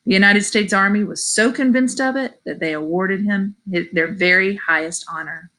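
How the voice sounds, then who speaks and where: A woman's voice: mid-range voice, normal speed, bright, forceful tone. A woman reading a middle-grade novel aloud, adding chatty asides that explain phrases to her listeners. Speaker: audiobook reader.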